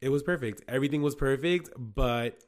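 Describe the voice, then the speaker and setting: A young man co-hosting a casual chat, talking in a relaxed, wry way about his own dating past. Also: mid-range voice, a little fast. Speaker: podcast co-host.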